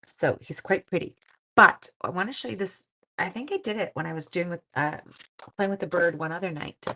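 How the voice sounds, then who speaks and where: A middle-aged woman talks casually through a crafting demo at her desk. Her voice sits low with a gravelly fry. She jokes about herself and drifts into quiet mutters as she concentrates. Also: lively intonation, a little fast. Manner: chatty, self-deprecating, drops to quiet mutters while working. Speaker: craft livestream host.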